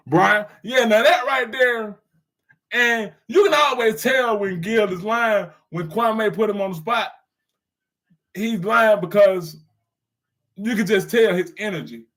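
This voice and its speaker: High-voiced man chatting with his viewers. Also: animated, slow pace, a bit bright. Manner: laid-back slang, laughs often, addresses chatters. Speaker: streamer reading live chat. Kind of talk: casual live-stream commentary.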